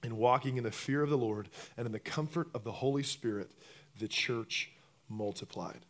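A man preaching a sermon as pastor, telling the story with lively acted-out voices and swinging from loud bursts to quiet, intimate appeals. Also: mid-range voice, moderate pace.

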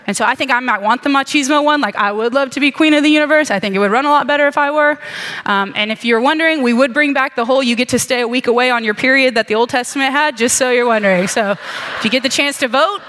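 A woman's voice: fairly high pitch, fast, a bit bright. A middle-aged woman preaching a sermon in a chatty, self-mocking way, with joking asides to her audience. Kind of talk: sermon with humorous stories. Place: large hall with an audience. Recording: reverberant hall.

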